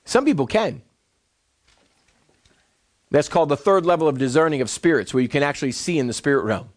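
Animated preacher with a lively high voice. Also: male voice, fairly quick. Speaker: pastor. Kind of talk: sermon. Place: church before a congregation.

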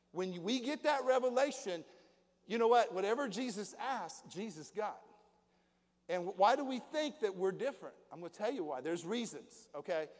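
A middle-aged pastor preaching to his congregation in a folksy way, asking them questions as he goes. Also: sits high. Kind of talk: sermon. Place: church hall. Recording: long hall reverb.

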